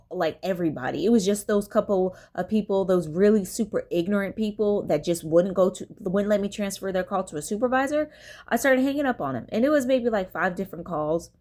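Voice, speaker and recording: A young woman telling a story in a casual vlog, animated and swearing freely, with lots of fillers, acting out the people she quotes. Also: fairly low pitch. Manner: many fillers like "like". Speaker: vlogger.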